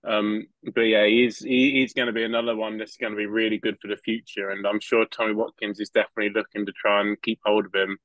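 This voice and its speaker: Man, low monotone voice, dull lo-fi dry sound. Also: fast talker, hardly any pauses, no room sound. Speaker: podcast co-host. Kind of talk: casual sports chat.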